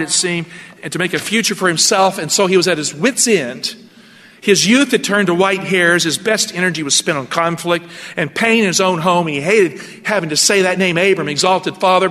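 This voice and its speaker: A male pastor delivers a sermon, retelling scripture with dramatic, storytelling flair. His voice is bright and forceful. A long reverb from a large hall trails his words. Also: on the high side.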